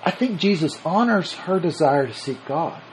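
A man's voice: on the high side, animated, moderate pace, a little hiss or hum, rough recording. A man teaching a sermon on scripture in a conversational way, reasoning aloud and restarting his sentences. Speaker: Bible teacher.

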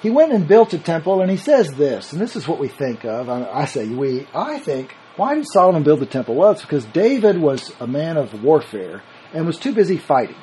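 Animated, mellow-voiced male Bible teacher. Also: fairly high pitch, a little fast, a little hiss or hum, rough recording. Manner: conversational, reasoning aloud with frequent restarts. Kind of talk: sermon.

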